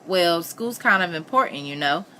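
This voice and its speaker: A woman reading the lines of a serious, uneasy teenage boy in her own low voice. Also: lively intonation, normal speed, pushed and bright, slight background noise. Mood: cautious. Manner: cautious, plain.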